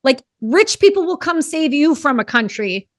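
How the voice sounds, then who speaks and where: A blunt, fired-up woman hosting a podcast, with a fairly high voice. She talks emphatically, swearing casually. The sound is close and dry, with no room echo. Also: big pitch swings, normal speed. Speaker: podcast host. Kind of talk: casual interview chat.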